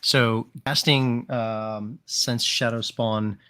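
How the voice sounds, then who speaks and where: A man's voice: medium pitch, fairly even intonation, very slow, fairly bright tone, clear, resonant tone, no room sound. Dry-voiced man narrating as game master. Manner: rambling, hedging descriptions full of "sort of" and "kind of".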